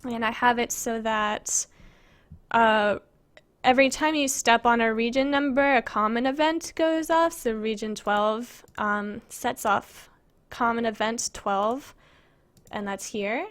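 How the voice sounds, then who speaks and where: A woman's voice: fairly high pitch, steady tone, takes it slowly, fairly bright tone. A woman casually chatting on a live stream as she shows her game-making work, giggling and rambling as she reads viewer questions aloud.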